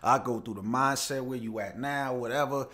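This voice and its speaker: At a normal speed and in a fairly bright, mid-range voice, this young livestream host keeps the chat loose, calling out viewers by name. He laughs easily as he goes through their comments.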